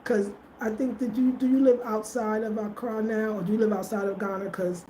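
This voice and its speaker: A woman's voice: medium pitch, steady tone, a little fast, warm tone. A middle-aged woman from the United States chatting casually with her livestream viewers, thanking them by name as she talks. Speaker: vlogger answering live chat. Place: rural home in Ghana. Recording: echoey room, faint ambient noise.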